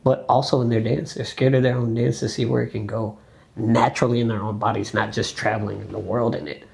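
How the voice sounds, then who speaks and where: Gravelly man telling a story. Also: medium pitch, a little fast. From United States. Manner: animated storyteller, acts out quoted speech, loose filler-heavy phrasing. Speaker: dancer guest. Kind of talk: storytelling in a podcast conversation.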